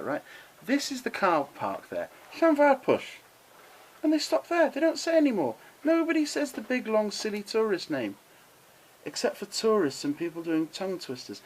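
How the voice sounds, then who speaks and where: A middle-aged man hosting a casual lesson, chatty and encouraging, who slows right down to sound out words with care. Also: sits high, wildly swooping pitch, slightly rough, low-quality recording. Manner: chatty, encouraging, drawn-out careful pronunciations. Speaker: model railway channel host. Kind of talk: casual explainer to camera.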